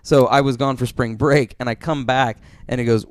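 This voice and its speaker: A young man co-hosting a podcast, telling stories in a lively, halting way with many restarts. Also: medium pitch. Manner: animated storytelling with many restarts. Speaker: podcast co-host. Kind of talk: casual chat.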